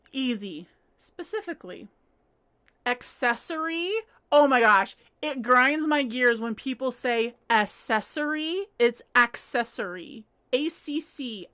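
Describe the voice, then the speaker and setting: A woman's voice: high voice, animated, unhurried, a bit bright. A woman chatting casually on a home livestream while crocheting, giggling often and reading viewers' comments aloud. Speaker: livestream host.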